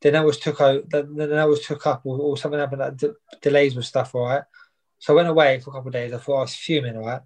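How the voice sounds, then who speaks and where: A man's voice: mid-range voice, level tone, fast talker, low-quality recording. A young man, a boxer chatting casually in an interview and rambling with plenty of fillers and repeats. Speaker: boxer guest. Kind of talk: casual chat.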